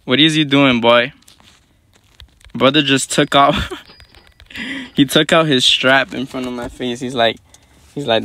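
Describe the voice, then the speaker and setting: A young man giving live gameplay commentary in quick, slangy, profane banter as a gaming YouTuber. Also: mid-range voice, fairly even intonation, pushed and bright.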